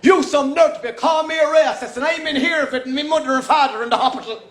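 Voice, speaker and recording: A man's voice: very high-pitched, echoey room, crowd noise. A man voicing a panicked Irish man who rambles wildly to bluff his way out. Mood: frantic. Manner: frantic, rambling, rapid.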